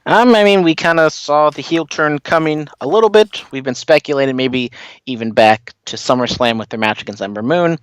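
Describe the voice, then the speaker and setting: A man's voice: a little high, a little fast, clean tone, dry recording. A man co-hosting a casual wrestling podcast, rambling and hedging with filler words. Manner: rambling, many "you know" fillers and restarts. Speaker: podcast co-host.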